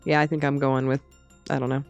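A woman with a low voice co-hosting a relaxed podcast, agreeable and easygoing, now and then tripping over her words. The sound is dry and close-miked, with faint music behind her. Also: fast, no room sound. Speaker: podcast co-host. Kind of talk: casual chat.

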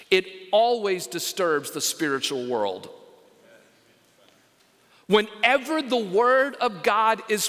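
A man's voice: sits high, sharp tone. A man, preaching a sermon as senior pastor, emphatic and asking the congregation questions. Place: church sanctuary. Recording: long reverb of a large church.

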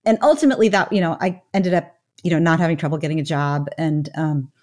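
A woman's voice: deep voice, fast, darkish tone. A woman in her fifties, a guest author on an interview podcast, recounting her past in a reflective storytelling way with many casual asides. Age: 50s. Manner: reflective storyteller, frequent "you know" asides.

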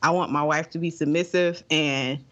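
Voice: mid-range voice, steady tone, normal speed, a bit bright, dull audio. A podcast co-host chatting casually and giving frank commentary on current events. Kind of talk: casual chat.

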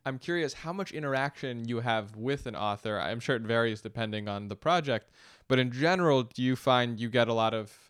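Smooth, dry-sounding interviewer. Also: mid-range voice, fairly bright tone, no room sound. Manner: thoughtful, measured questions. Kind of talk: interview questions.

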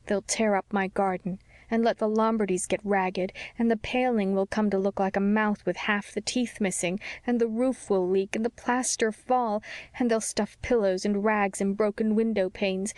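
A woman's voice: medium pitch, steady tone, normal speed, darkish tone, no echo, studio quality, close to an everyday voice. A woman doing a tearful, tender young wife. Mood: heartbroken. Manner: tearful and wistful.

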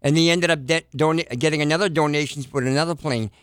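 A man's voice: a little high, steady tone, quick pace, a bit bright, clean tone, dry recording, studio quality. Rambling hesitant man on a talk show. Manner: rambling, hesitant, many fillers. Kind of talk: casual talk show banter.

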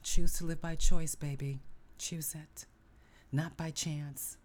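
A woman's voice: sits low, steady tone, slow pace, a little mellow, a little hiss or hum. A middle-aged woman hosting a motivational self-help podcast, speaking emphatically with lots of repetition and sudden whispered asides. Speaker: podcast host.

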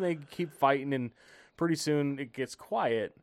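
A man telling a story among friends in a relaxed way, doing voices for the people he quotes. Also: mid-range voice, normal speed, no room sound.

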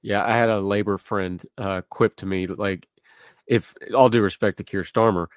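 A man's voice: fairly low pitch, steady tone, moderate pace, smooth, dry recording. A man hosting a political chat in loose, casual phrasing with many fillers. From outside the UK. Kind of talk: conversational political discussion.

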